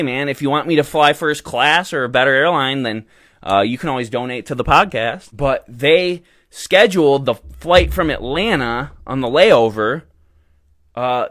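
A man's voice: on the high side, a bit bright, no room sound. Indignant young man, dry close sound. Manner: indignant, ranting, rambling with many fillers. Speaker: podcast host. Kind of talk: casual storytelling monologue.

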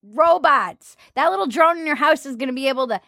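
Sarcastic woman podcast co-host, slightly high, animated comic delivery, dry close mic. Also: fairly quick, vocal fry, dry recording. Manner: sarcastic, animated, slips into silly voices for jokes. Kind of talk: casual comedic chat.

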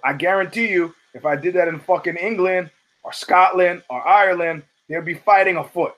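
A man from the United States hosts a casual monologue, swearing freely and acting out the voices in his stories. His voice sits a little higher than most men's, and he talks with animated energy. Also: moderate pace, poor audio. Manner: profane, animated storyteller who acts out quotes. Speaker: show host.

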